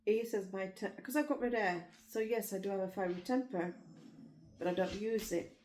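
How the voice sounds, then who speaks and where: This vlogger from Liverpool, England, speaks with a Liverpool accent, telling candid, meandering life stories in casual chat. Her medium-pitched, slightly mellow voice moves at a moderate pace, with roomy echo and a little hiss or hum.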